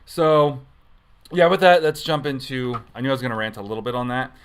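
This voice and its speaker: A man's voice: mid-range voice, fairly quick, clean tone. Rambling man giving a casual devotional. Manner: rambling, conversational, self-correcting.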